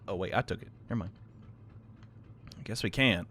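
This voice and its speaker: A man's voice: medium pitch, fairly bright tone, a little hiss or hum. A man casually joking and commenting while playing and reading a story game aloud. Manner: casual, joking, quick asides. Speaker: let's play host.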